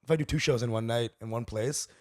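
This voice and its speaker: A man comedian co-hosting a casual podcast, rambling and breaking into loud laughs and outbursts. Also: mid-range voice, quick pace, dry recording, studio quality. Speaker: comedian co-host.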